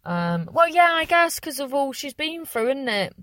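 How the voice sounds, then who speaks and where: A woman's voice: high-pitched, sing-song, moderate pace, fairly bright tone, dry recording. Lady podcaster reading listener messages, giggly and rambly, dry mic. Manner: chatty, rambling, self-correcting, giggly. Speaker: podcast host.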